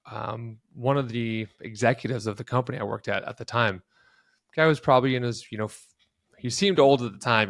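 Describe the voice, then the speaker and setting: A man's voice: medium pitch, vocal fry, no echo, clean studio sound. A man co-hosting a podcast, telling a personal story in an earnest, reflective way. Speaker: podcast co-host. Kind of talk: casual podcast conversation.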